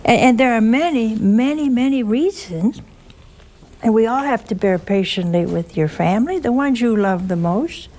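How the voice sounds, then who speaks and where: A woman's voice: fairly high pitch, normal speed, warm tone. A woman preaching an informal sermon full of stories, plain-spoken, sometimes dropping to a whisper for emphasis. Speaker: religious speaker.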